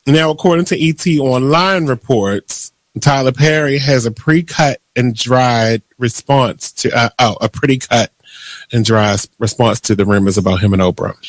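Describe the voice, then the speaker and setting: A man hosting a radio show, chatting casually and ranting in animated bursts. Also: mid-range voice, normal speed, no echo. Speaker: radio host. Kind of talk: casual talk radio chat.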